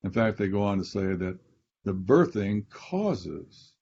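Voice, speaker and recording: A man's voice: on the low side, very animated, takes it slowly, vocal fry, a little mellow, husky, dull audio. A man, a Bible scholar and professor, explaining grammar step by step in a teaching conversation and repeating key phrases.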